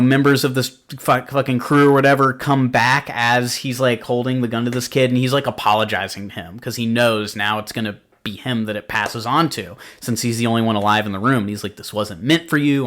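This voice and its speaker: A man's voice: medium pitch, steady tone, fairly quick, few pauses, fairly bright tone. A man hosting a podcast, chatting casually about horror films, rambling with lots of fillers and swearing freely. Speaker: podcast host. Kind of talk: casual film review chat.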